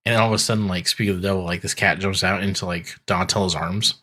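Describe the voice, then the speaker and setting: A man co-hosting a podcast, recapping a cartoon episode in a relaxed, rambling way and acting out the characters' lines. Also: sits low, quick pace, hardly any pauses. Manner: laid-back storytelling, acts out characters in quotes. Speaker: podcast co-host. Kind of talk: casual recap chat.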